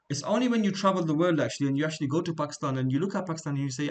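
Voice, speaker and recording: A man's voice: a little high, rapid-fire, few pauses, darkish tone. A man from England teaching a small class in an informal, conversational way. He wanders into side stories and asks the room questions as he goes. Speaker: religious studies teacher.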